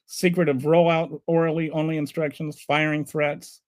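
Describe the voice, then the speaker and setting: A man's voice: on the high side, level tone, moderate pace. A man hosting a live stream and ranting about politics. He is heated and sarcastic, and he stumbles and repeats words when he gets flustered.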